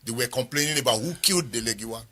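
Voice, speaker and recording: Bright husky interviewer. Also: male voice, mid-range voice, racing. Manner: pressing, challenging questions, reads aloud from a book. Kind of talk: probing interview questions.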